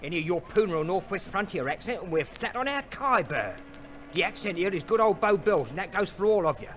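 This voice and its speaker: An actor playing a brash young fixer in an old radio play, cheeky and fast-talking with plenty of slang. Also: male voice, high voice, lively intonation, a bit bright, slight background noise. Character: brash young Cockney fixer, bossy and breezy. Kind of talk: 1950s radio play acting.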